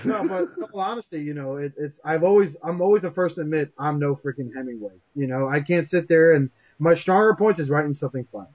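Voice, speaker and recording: A man hosting a casual interview chat, animated and self-deprecating, swearing freely. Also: on the high side, quick pace, hardly any pauses, lo-fi sound. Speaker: show host.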